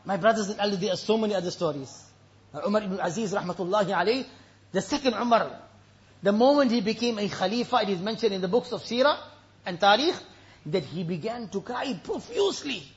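A man's voice: high-pitched, animated, a little fast, dull audio. A man preaching a sermon with emotion, telling stories and reciting Arabic verses.

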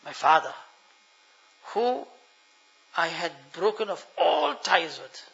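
A man preaching a sermon, telling a story and pleading earnestly with his listeners, dropping to a hush and then rising loud. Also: high-pitched, big pitch swings, slow, creaky. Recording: dull lo-fi sound.

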